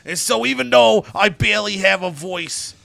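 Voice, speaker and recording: A man's voice: sits high, normal speed, vocal fry, sharp tone, no echo, soft background music, pitched above the performer's own voice, exaggerated voice. A man voicing a frustrated but loyal male wrestler giving an earnest speech. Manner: earnest, heartfelt. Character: worn-out, frustrated male wrestler cutting a promo.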